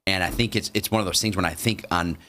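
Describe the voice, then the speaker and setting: Man, very low voice, earnest, agreeable, faith podcast co-host. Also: fairly even intonation, fast, pushed and bright. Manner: earnest, agreeable, many restarts. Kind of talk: casual faith discussion.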